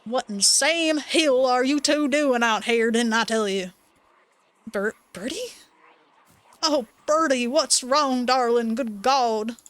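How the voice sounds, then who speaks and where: A woman's voice: on the high side, slow pace, dry recording. A woman doing a blustering old farmer. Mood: worried. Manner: folksy, blustering, raised voice. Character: gruff older rural man, fiercely protective of his chickens.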